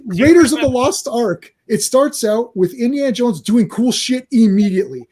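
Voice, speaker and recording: A man's voice: extremely high pitch, expressive, normal speed, a little mellow, slightly rough. A man ranting in casual movie chat, acting out quoted reactions. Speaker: podcast co-host.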